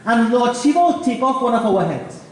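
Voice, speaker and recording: High-voiced Trinidadian pundit in an echoey hall. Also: male voice, normal speed, a crowd in the background. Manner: lively storytelling, addresses listeners as friends. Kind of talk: Hindu sermon with jokes. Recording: very echoey hall, faint ambience.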